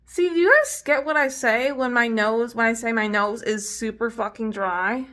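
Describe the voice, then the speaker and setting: A young woman vlogs a makeup routine in a bright, slightly high voice. She talks casually and curses freely. Her frustration comes out in loud exclamations. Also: normal speed, far from the mic. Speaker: beauty vlogger. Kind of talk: casual makeup vlog chat.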